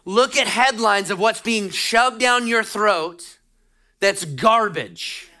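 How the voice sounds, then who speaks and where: A man's voice: sits high, expressive, takes it slowly, bright, forceful tone. A middle-aged man preaching a sermon as pastor, talking emphatically and exhorting his listeners.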